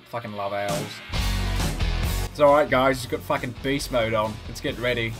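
Sweary young gamer doing impressions. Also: male voice, mid-range voice, normal speed, a bit bright, faint music behind. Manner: profane, rowdy banter. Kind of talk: comic impressions over gameplay commentary.

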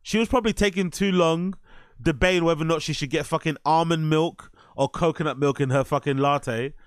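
A man's voice: a little high, brisk, no echo. A man giving casual reaction commentary in a blunt, incredulous way, swearing freely.

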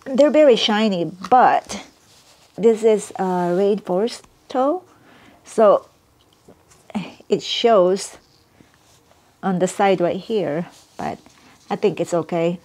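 A woman vlogger chatting casually as she unboxes a gift, excitable and giggly, gushing as she goes. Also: mid-range voice, takes it slowly, pauses often.

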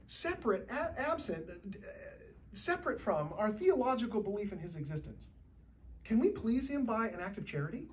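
A woman preaching a sermon in a church, talking in a conversational, lively way with shifting loudness. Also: mid-range voice, far from the mic, slight background noise.

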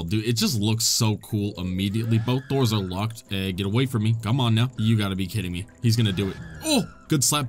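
A young man doing let's play commentary, excitable and joking, swearing casually. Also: fairly low pitch. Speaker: gaming YouTuber.

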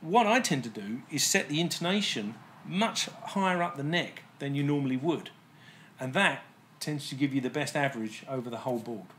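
A man's voice: mid-range voice, expressive, normal speed, a bit bright. A man working as a guitar technician, explaining intonation fixes in a plain, methodical way with frequent fillers. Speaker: guitar tech.

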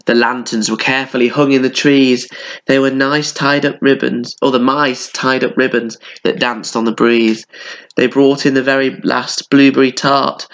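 Animated British man reading a story aloud. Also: medium pitch. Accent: British English. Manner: animated, chatty asides to children. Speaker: primary school teacher. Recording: dull lo-fi sound.

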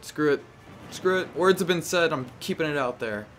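Animated young man narrating his gameplay. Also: on the high side, moderate pace, faint music behind. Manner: animated, talks to the game, frequent exclamations. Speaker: gameplay commentator. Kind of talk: casual live gameplay commentary.

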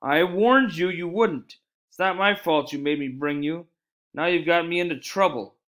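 Man doing an exasperated schoolboy, raised pitch. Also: moderate pace, a bit bright, natural voice. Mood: angry.

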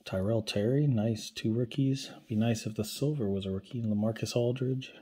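A man opening basketball card packs on camera, commenting quietly and casually as he goes. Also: moderate pace, slightly rough. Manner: low-key, talks quietly while handling cards.

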